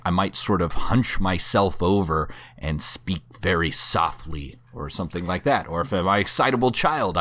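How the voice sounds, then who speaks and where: A man's voice: low voice, fairly bright tone. A man co-hosting a podcast about running tabletop games, chatting casually and joking. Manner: joking, conversational. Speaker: podcast co-host. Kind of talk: casual chat.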